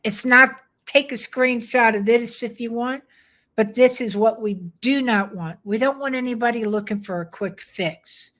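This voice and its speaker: An older woman dog trainer giving a live webinar pitch, firm, direct and plainspoken. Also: normal speed, fairly bright tone.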